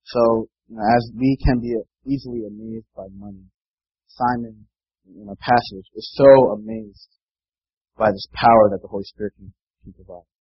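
A man's voice: medium pitch, lively intonation, normal speed, creaky, slightly rough, no echo, dull audio. A man preaching a sermon in an earnest way, often repeating words and checking in with the listeners.

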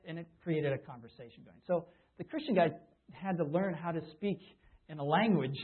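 A man's voice: a little high, slightly rough. A man preaching a sermon in a conversational way, often restarting his sentences. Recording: tinny phone-like sound.

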